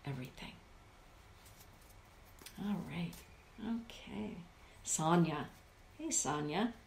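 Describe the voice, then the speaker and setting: Lower-voiced woman in a roomy echo. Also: lively intonation, takes it slowly, vocal fry, darkish tone, a little hiss or hum. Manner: reflective, addresses viewers by name. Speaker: host reading oracle cards for live chat viewers. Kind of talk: live-stream spiritual chat. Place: indoor room with a forest view.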